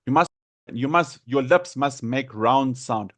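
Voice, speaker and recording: A man's voice: medium pitch, slow pace, no echo. A man teaching an English vocabulary lesson, patiently repeating words to model their pronunciation.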